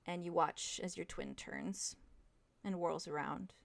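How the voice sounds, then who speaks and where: A young woman narrating a tabletop game as game master in the second person, in a hushed, dramatic way. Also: on the low side, measured pace, gravelly.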